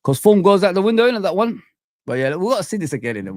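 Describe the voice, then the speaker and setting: A man hosting a live football stream, chatting in a laid-back, slangy way and shouting out his viewers. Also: high-pitched, sing-song, racing, no room sound, studio quality. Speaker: football channel host. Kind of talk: casual live-stream commentary.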